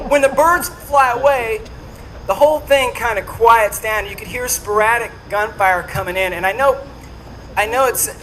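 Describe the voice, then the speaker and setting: In a high-pitched, fairly bright voice, a man animatedly recounts a story to a dinner audience, performing each quote. The low-quality recording carries a faint hum from the event space.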